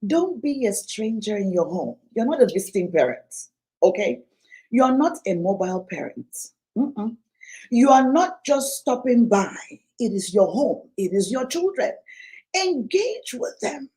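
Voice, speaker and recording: A woman's voice: on the high side, sing-song, measured pace, dark tone, rough recording. A woman speaking as a parenting coach at a conference, emphatic and preachy, repeating her key lines and acting out parents and children. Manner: acts out parents and children in quoted voices. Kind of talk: motivational conference talk. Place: conference venue.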